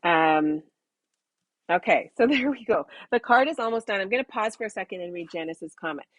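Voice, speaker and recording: A woman's voice: mid-range voice, animated, normal speed, no echo. A woman hosting a live card-making demonstration, chatting upbeat and laughing often as she works. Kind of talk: live crafting demo.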